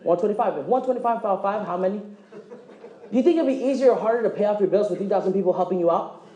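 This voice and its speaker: Man, motivational sales talk, high voice, jokey, quizzes audience, echoey room. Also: dark tone. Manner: joking, quizzes the audience, acts out quick dialogues. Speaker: presenter at a direct-sales meeting. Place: meeting room with live audience.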